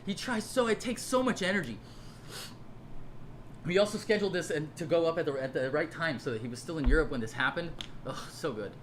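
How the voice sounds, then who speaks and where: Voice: mid-range voice, expressive, brisk, a bit bright, slight background noise. A creator giving a casual, sarcastic ranting commentary to camera at home, laughing often as they mock.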